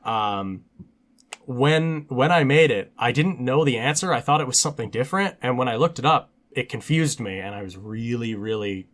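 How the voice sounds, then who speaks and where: A man co-hosting a podcast, chatting casually over a trivia game, animated and quick to laugh. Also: medium pitch. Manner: animated, laughs easily, many fillers. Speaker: podcast co-host.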